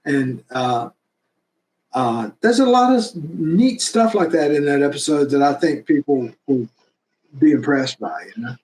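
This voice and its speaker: A man's voice: on the high side, lively intonation, measured pace, a little mellow. Chatty man in an echoey room. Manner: enthusiastic, rambling, laughs often. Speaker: fan film producer. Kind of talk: casual interview chat. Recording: roomy echo.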